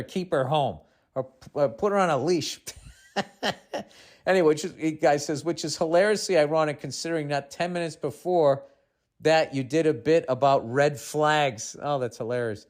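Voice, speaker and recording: A man's voice: mid-range voice, moderate pace. A man in his fifties, a podcast host with a Boston accent, reading a listener's letter aloud and breaking in with sarcastic, exasperated asides.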